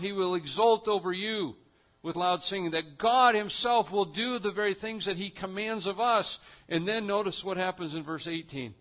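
A man preaching a sermon, building to loud emphatic repetitions and then dropping to quiet, low stretches. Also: muffled recording. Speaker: pastor.

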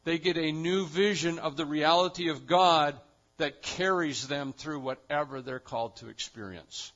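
A man preaching a sermon, building to loud emphatic repetitions and then dropping to quiet, low stretches. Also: normal speed, muffled recording. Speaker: pastor.

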